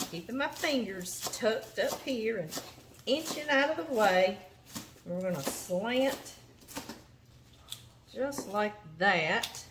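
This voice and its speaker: In her home kitchen, a cooking show host with a Louisiana drawl guides viewers through her prep in a chatty, folksy demonstration. She speaks slowly and easily at a middling pitch, and the background is noisy with clear chopping and clatter.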